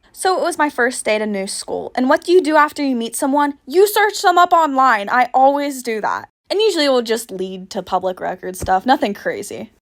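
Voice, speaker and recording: A young woman telling funny stories in a casual storytime style, with animated, exaggerated reactions. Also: on the high side.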